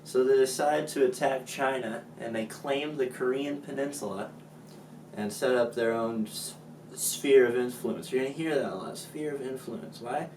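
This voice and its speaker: A man's voice: medium pitch, normal speed, a little mellow, reverberant, distant mic, a little hiss or hum, low-quality recording. A man explaining history casually, joking and using many fillers. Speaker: student presenter.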